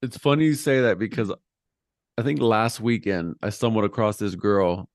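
A man's voice: lowish voice, moderate pace, no room sound, clean studio sound. A man co-hosting a podcast in casual chat, laid-back, chiming in with short remarks and casual swearing. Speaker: podcast co-host.

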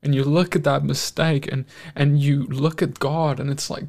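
A male host giving a devotional, sermon-style talk, earnest and emotional, with frequent pauses and restarts. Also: a little high, little pitch movement, vocal fry, darkish tone. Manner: earnest, emotional, pausing often.

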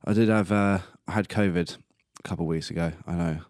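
A young man in his twenties talks on his own podcast with a very low, deep voice, close to the mic in a dry, dead room. He rambles casually and laughs at his own jokes. Now and then he coughs or burps. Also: fast, a little mellow, dry recording. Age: 20s. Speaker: podcast host. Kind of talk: casual solo podcast monologue.

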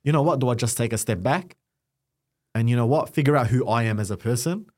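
A man's voice: medium pitch, quick pace. A young Australian man, a podcast guest, telling his story in casual chat, acting out what others said to him. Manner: animated storytelling with acted-out quotes. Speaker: guest content creator.

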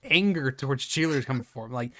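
Bright-voiced man recapping a movie. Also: medium pitch, fast talker, no room sound. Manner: recounts scenes acting out characters, swears often, laughs. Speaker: podcast co-host. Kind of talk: casual movie recap chat.

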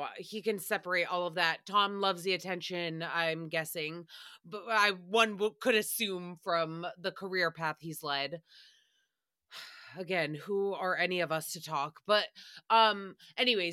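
A young woman hosting a casual comedic podcast recap, animated and profane, laughing often. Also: lowish voice, unhurried, smooth, dry recording, clean studio sound.

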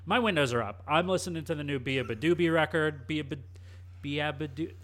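Young guy co-host spinning a cheeky story, voice a bit on the high side, really casual. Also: brisk, fairly bright tone.

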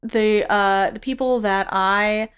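Smooth-voiced young woman telling stories. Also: medium pitch, slow. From United States. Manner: animated, acts out quoted voices, laughs while telling. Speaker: guest actress. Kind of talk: casual storytelling interview.

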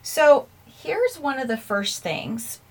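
A woman's voice: sits high, very animated, slow pace. A woman hosting a podcast who rambles along in a chatty, offhand way and pokes fun at herself. She laughs easily and keeps things casual while recording herself at home. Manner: chatty, self-mocking, laughs often. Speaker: podcast host. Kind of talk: casual chat. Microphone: earphones in, recording herself.

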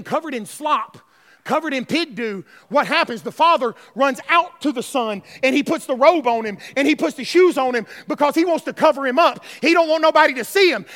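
A man's voice: extremely high pitch, pushed and bright, in a large hall. A male pastor preaching a sermon, emphatic and repetitive, calling out to his congregation. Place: church sanctuary.

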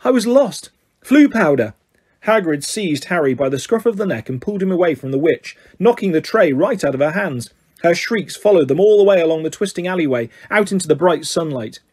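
A man reading a storybook aloud in a husky voice that sits a bit high for a man. He stumbles over a word now and then and corrects himself as he goes. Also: a little mellow. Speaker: reader. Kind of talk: storybook narration.

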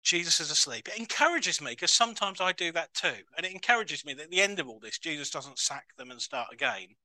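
A man giving a chatty, self-mocking sermon as a minister in a church, breaking into excited voices when he acts out others. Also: a little high, fast talker, no echo.

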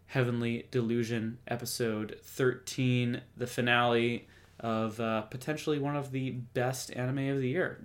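A man co-hosting a podcast, talking in a casual, rambling way, joking and breaking off mid-sentence. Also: medium pitch. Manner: rambling, self-interrupting, jokey. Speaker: podcast co-host. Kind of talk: casual chat.

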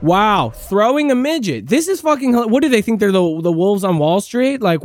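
A man's voice: sits high, very animated, normal speed, few pauses, no echo, clean studio sound. A man hosting a podcast, ranting in sarcastic, profane and exasperated reaction commentary. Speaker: podcast host.

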